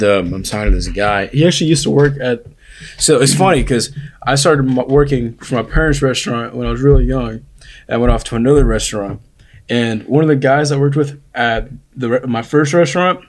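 A young man in casual podcast chat, telling a long story full of fillers and restarts. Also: medium pitch. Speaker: podcast host.

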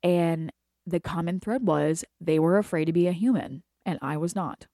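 A woman in her thirties talks on her own about her work as a hairstylist, blunt and profane, laughing as she goes. Her voice sits a little low and sounds close and dry, with no room around it. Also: moderate pace, mellow, dry recording. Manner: profane, candid, laughs often. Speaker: hairstylist and salon owner. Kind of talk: casual monologue.

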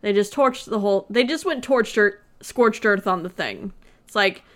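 A woman's voice: medium pitch, normal speed. A woman co-hosting a podcast, retelling a movie plot in casual chat with sarcasm and frequent laughter. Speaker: podcast co-host.

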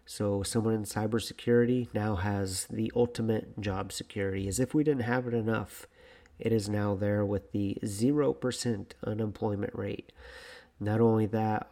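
Low, flat, gravelly-voiced man. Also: normal speed. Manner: rambling, self-deprecating, calls his own voice monotone. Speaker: podcast host. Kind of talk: casual solo podcast monologue.

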